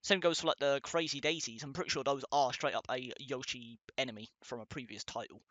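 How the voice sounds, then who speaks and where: Casual male let's-player, bright voice, rambling chatty reaction to a video game. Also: medium pitch, fairly even intonation, a little fast, no echo, muffled recording. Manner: rambling, many "like" fillers, thinking aloud. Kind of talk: casual gameplay commentary.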